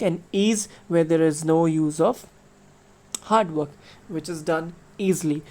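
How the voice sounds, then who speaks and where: A woman's voice: lowish voice, warm tone. Patient woman teacher spelling words aloud. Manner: patient, many fillers, spells words letter by letter. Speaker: school teacher. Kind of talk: classroom lesson explaining a poem.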